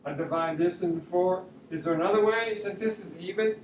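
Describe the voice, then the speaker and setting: A man's voice: high voice, brisk. Man teaching drawing in an echoey room. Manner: thinks aloud step by step while drawing. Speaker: art teacher. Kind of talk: drawing demonstration lesson. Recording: roomy echo, mic at a distance, faint room noise.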